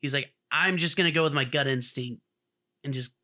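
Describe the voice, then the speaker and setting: This podcast co-host has a medium-pitched voice that sounds brisk, pushed and bright. In casual chat he tells a rambling story, acting out the people in it.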